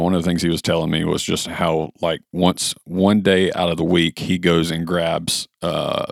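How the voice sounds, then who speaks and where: American male host, gravelly deep voice, folksy and enthusiastic. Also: dry recording, clean studio sound. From United States. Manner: enthusiastic, folksy, lots of fillers. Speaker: podcast host. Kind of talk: casual podcast chat.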